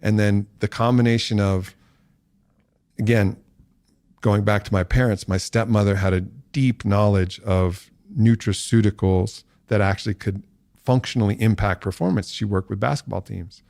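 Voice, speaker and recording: A man in his forties, a podcast guest, telling a story in casual talk and acting out quotes with big jumps in pitch. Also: fairly even intonation, normal speed, gravelly, a little mellow, dry recording.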